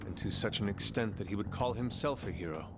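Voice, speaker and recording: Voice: low-pitched, a little fast. A voice actor playing a formal, solemn young teammate in a video game. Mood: grave. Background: game music.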